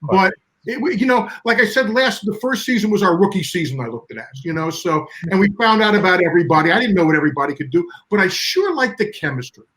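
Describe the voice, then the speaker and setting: A man with a fairly high, very lively voice reminiscing about a show he made long ago. He muses aloud, circling his points with "you know" and "I mean" before landing them. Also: fast, crowd noise, poor audio. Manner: reflective, hedging with fillers. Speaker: show creator and guest. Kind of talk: reflective casual chat.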